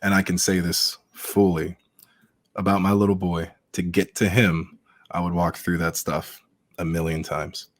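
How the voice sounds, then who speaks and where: A man's voice: deep voice, level tone, a little slow, no echo. A man talking as a podcast guest, heartfelt and emotional, swearing freely as he speaks candidly. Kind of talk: candid interview talk.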